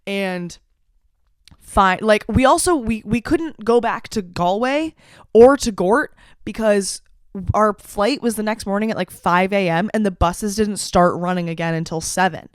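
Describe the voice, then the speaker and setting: Animated young woman telling a comic story. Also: medium pitch, unhurried, dry recording, studio quality. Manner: animated, profane, self-mocking storytelling. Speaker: comedy podcast host. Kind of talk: storytelling monologue.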